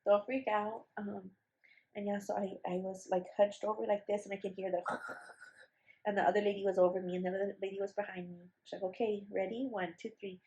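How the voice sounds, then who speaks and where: A woman's voice: mid-range voice, level tone, a little fast, mellow, rough recording. A young woman vlogger telling a personal story in a casual, chatty way, with many fillers and restarts. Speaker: vlogger, new mother.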